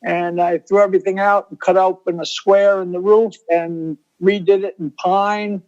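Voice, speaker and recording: An older comedian guest on a video call, telling stories in a rambling, self-interrupting way. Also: male voice, sits high, level tone, moderate pace, darkish tone, dull audio.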